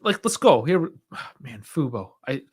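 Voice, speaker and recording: A man's voice: mid-range voice, very animated, unhurried, darkish tone, slightly rough. A young man hosting a football watch-along stream, chatting casually, reacting aloud with sighs and laughs and talking to his chat. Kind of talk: casual live match commentary.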